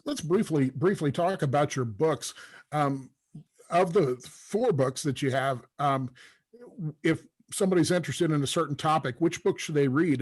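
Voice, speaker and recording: Rambling, fairly high-voiced man host. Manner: rambling storyteller, many fillers. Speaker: podcast host. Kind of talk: casual podcast chat.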